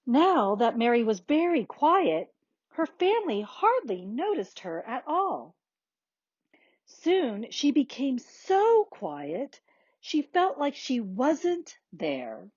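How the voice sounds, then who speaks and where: Slow, gentle woman reading a storybook. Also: sits high, slightly rough, no room sound, highs cut off. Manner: soft, gentle and expressive. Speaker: narrator. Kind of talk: slow storybook read-aloud.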